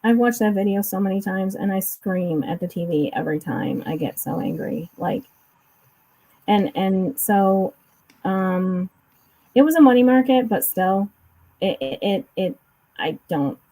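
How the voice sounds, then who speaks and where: A woman's voice: mid-range voice, unhurried, mellow, low-quality recording. A woman chatting casually on a remote call, explaining finance at length with frequent restarts and fillers. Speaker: co-host discussing a court case.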